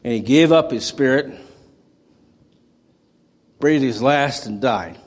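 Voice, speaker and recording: A man's voice: medium pitch, slow pace, in a large hall. A male preacher giving a sermon, telling stories conversationally and rising into dramatic outbursts. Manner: conversational storytelling with dramatic bursts.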